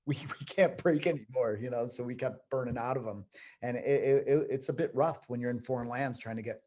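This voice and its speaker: A man's voice: medium pitch, fairly even intonation, brisk, mellow. A man co-hosting a podcast, chatting casually and adding his own stories from working as a stunt performer on film sets. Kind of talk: casual chat.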